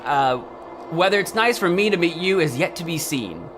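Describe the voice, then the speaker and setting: A man's voice: on the high side, big pitch swings, normal speed, fairly bright tone, faint music behind. Playful man reading game dialogue aloud. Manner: playful, joking, reacts with bursts of laughter. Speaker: let's play host.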